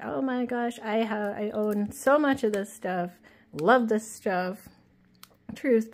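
A woman's voice: medium pitch, a little mellow. A woman with a child chatting casually while flipping through an oracle deck, giggling often, wandering off-topic and teasing herself. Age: adult with a child. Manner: chatty, giggly, self-deprecating, easily sidetracked.

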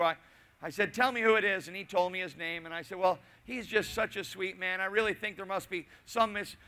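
A middle-aged male pastor preaching a sermon, telling a personal story with asides and repetition, swinging between loud and hushed. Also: high voice.

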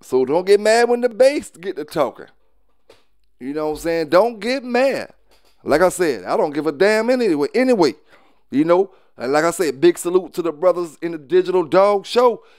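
A man with a drawl speaks off the cuff to his viewers in a high, smooth, resonant voice. He rambles, repeats his points, laughs briefly, and lectures his peers bluntly. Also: animated, normal speed, a little mellow, dry recording, studio quality. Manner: loose, repetitive, often asks "you know what I'm saying"; blunt and preachy, with short laughs. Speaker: dog kennel owner. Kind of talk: casual to-camera talk.

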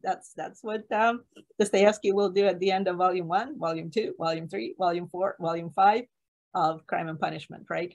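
A woman's voice: fairly low pitch, fairly even intonation, moderate pace. A woman leading an online book discussion on her own, talking enthusiastically and rambling, laughing often, on a video call. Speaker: literature course leader. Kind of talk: solo online book talk.

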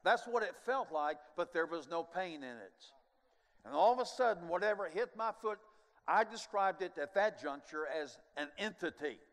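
An older man preaching a sermon, telling a personal testimony as an animated storyteller who swings from hushed to loud with chuckling asides. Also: on the high side, normal speed. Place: large church sanctuary. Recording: long reverb of a large sanctuary.

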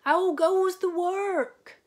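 A woman voicing a lazy old male farmer in a storybook, calling out from his bed in a slow, drawn-out, loud voice. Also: extremely high pitch, steady tone, pitched above the performer's own voice, heavily acted.

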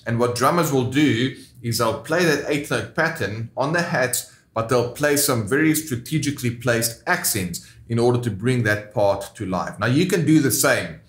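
A man's voice: medium pitch, a bit bright. Man counting beats in an echoey room. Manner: explains steps plainly and counts beats aloud. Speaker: guitar teacher. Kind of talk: instructional lesson.

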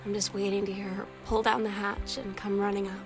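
A woman's voice: medium pitch, flat delivery, brisk, lightly acted. A woman voicing a wistful teenage girl. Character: teenage girl, wistful and lonely older sister. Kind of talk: game journal voice-over. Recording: voice-over under game music.

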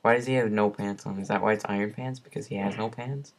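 A young man giving profane, exasperated gameplay commentary as the host of a gaming channel, swinging between muttered curses and yells. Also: fairly low pitch, fairly even intonation, quick pace.

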